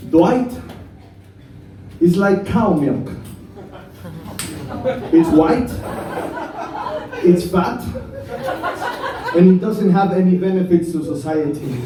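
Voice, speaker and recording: High-voiced man roasting a crowd slowly. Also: noisy background. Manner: crude insult jokes, playful. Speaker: roast comedian. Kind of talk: stand-up roast set. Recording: echoey room, mic heard from far.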